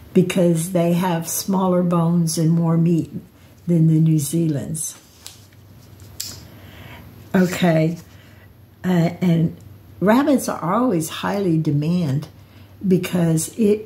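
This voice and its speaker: A woman's voice: lowish voice, mellow. An older woman telling personal stories in a rambling, reflective vlog, often restarting her sentences. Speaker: vlogger.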